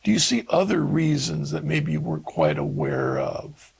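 A man's voice: a little high, sing-song, normal speed. A male host of an interview show asking long, meandering questions. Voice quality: gravelly, husky.

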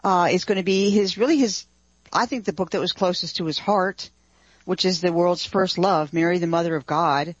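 A woman guest on a radio talk show, eager and animated, talking as a writer and researcher. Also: on the low side, normal speed, no room sound, muffled recording. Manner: eager, animated, laughs easily. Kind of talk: radio interview chat.

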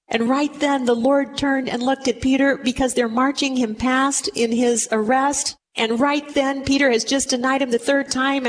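A woman's voice: sits high, steady tone, moderate pace, hardly any pauses, slight background noise. A woman reading and explaining a Bible passage, earnest and emphatic, acting out the quoted lines with drama. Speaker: Bible teacher. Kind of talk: scripture reading and commentary.

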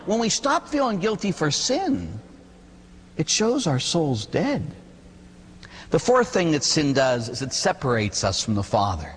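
Animated preaching priest in a big hall. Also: male voice, high-pitched, breathy edge. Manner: animated, emphatic preaching with storytelling. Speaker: Catholic priest. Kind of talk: sermon.

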